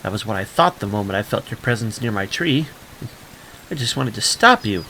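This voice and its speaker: A man reading the lines of a female nymph who guards a tree, in a flat, tired voice, as he plays a video game. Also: fairly low pitch, brisk, slight background noise, pitched below the performer's own voice. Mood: apologetic.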